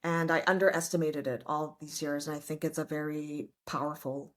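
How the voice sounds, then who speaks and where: Woman in her 40s telling funny stories on a podcast, slightly low voice, acts out bits. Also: fairly quick. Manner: lively storyteller, acts out voices. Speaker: guest comedian. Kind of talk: casual podcast interview.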